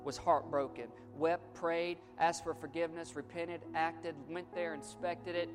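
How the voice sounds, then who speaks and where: A high-voiced man preaches from the pulpit, driving each point home with emphatic repetition. His voice trails off into a long reverb in the sanctuary. Faint music sits underneath. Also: little pitch movement, unhurried. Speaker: pastor. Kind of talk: sermon.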